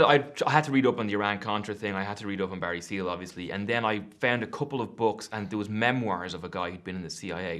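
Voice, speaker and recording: A man in his thirties with an Irish accent, chatting casually as an actor being interviewed, self-deprecating and quick to laugh. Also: sits low, fairly bright tone. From Ireland.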